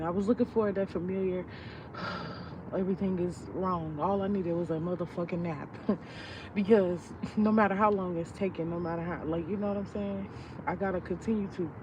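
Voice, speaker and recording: A young woman vlogging casually, venting in a rambling, profane, heartfelt way about her feelings. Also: mid-range voice. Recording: distant, muffled mic with street noise.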